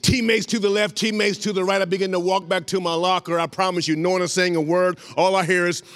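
A man from Columbus, Ohio, a former football lineman, telling a lively story to an audience, acting out lines and breaking into shouts. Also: high-pitched, quick pace. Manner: animated, acts out quotes, bursts into shouts.

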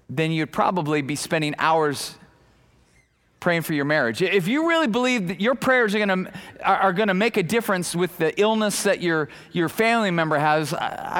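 A man preaching a sermon as pastor, animated and conversational, acting out the people in the story, with many fillers and restarts. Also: fairly high pitch.

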